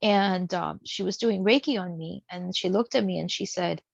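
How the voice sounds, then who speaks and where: A woman's voice: on the low side, normal speed, vocal fry, slightly rough, no echo. Woman telling a story, dull dry sound. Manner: chatty, acts out the people she quotes. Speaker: guest sharing a spiritual experience. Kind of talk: casual personal storytelling.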